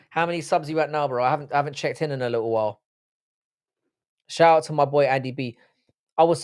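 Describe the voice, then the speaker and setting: This young British livestream panel host has a voice on the high side and keeps the banter casual, blunt and profane. It's a clean studio recording with no room sound.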